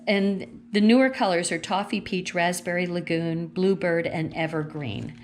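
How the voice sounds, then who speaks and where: This consultant has a lowish voice and a moderate pace, with slight background noise. Sitting at home with her dogs, she pages through a craft catalog in a laid-back walkthrough vlog, gushing and chatting as she thinks out loud.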